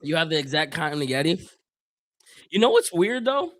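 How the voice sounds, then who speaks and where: A man's voice: on the high side, very animated, moderate pace, a bit bright, no echo. Man calling a game with a dry close voice. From Northeast Ohio. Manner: loose slangy talk, clears throat often. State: losing his voice a bit. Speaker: livestream host doing play-by-play. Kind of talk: casual live play-by-play and chat.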